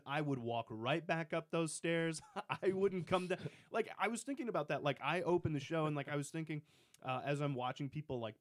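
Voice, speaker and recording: A man's voice: medium pitch, dry recording. A young man co-hosting a casual podcast in a studio, teasing and rambling with frequent laughs. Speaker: podcast co-host. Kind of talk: casual chat.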